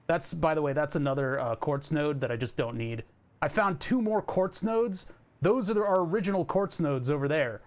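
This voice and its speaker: In casual gameplay commentary on a building game, a man rambles to his viewers, teasing himself and tossing jokes to chat. He speaks on the high side and fairly quickly.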